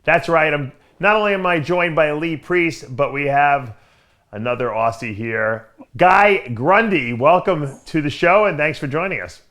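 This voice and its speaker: A man's voice: a little high, expressive, measured pace, fairly bright tone. A man hosting a talk show, easygoing, and laughing often with his guests. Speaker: host.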